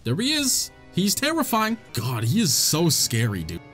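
Young man, gaming commentary, joking, lively swooping voice, slightly high, faint music behind. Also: normal speed. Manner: joking, talks back to the game characters. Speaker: gaming channel host. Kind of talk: casual let's-play commentary.

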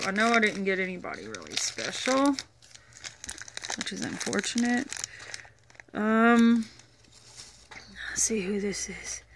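A woman's voice: medium pitch, pushed and bright, slight background noise. A woman chatting casually as she unboxes toys, rambling and thinking aloud. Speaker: toy reviewer.

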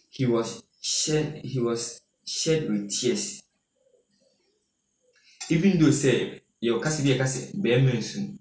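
A man with a Ghanaian accent and a mid-range, darkish voice presents news commentary mixing Twi and English, reading quoted statements and then explaining them. He's on a distant mic, so there's roomy echo from off-mic and faint ambience.

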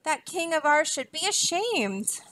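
A woman's voice: high voice, big pitch swings, measured pace, a bit bright, voice pushed up, exaggerated voice. A woman voicing a flustered, indignant man, a royal trumpeter, while reading a storybook aloud. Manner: indignant, wailing.

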